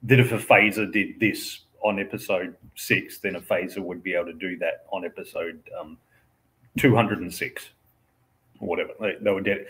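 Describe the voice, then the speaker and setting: A man's voice: low-pitched, fairly even intonation, moderate pace, fairly bright tone. A man in casual chat, rambling with many fillers and chuckling as he talks.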